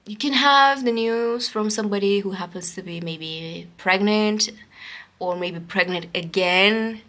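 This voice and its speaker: A woman giving a casual, excitable coffee cup reading to her viewers, talking loosely with many fillers and keeps checking in with "okay?". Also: mid-range voice. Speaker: coffee cup and tarot reader.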